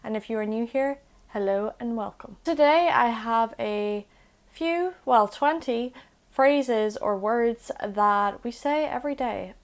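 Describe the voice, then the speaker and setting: A woman's voice: on the high side, measured pace. A young woman hosting a casual language lesson, with chatty, self-deprecating asides. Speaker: language video host.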